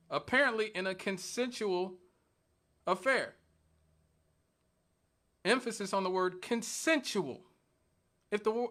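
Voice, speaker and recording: A man's voice: high voice, fairly bright tone. A male radio talk show host giving an emphatic, argumentative monologue, repeating points for stress. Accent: Northwest Indiana.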